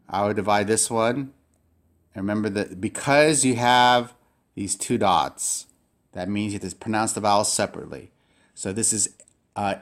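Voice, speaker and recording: Male teacher, lowish voice, halting delivery, spells sounds out slowly. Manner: halting, many fillers and restarts, sounds words out slowly. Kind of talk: recorded classroom lecture.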